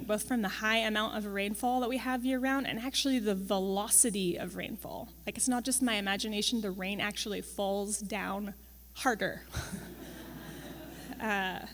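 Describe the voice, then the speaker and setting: A woman's voice: mid-range voice, steady tone, moderate pace, slight background noise. A young woman giving a conversational presentation to an audience as a campus farm manager. She is chatty and wry, with frequent ums and tag questions. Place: large event hall. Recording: long reverb of a large event hall.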